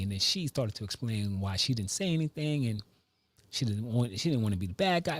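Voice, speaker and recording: A man and father telling family stories in a casual vlog, animated, with sudden pitch jumps and hushed asides. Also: a little fast, no echo. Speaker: vlogger. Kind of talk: casual storytelling monologue.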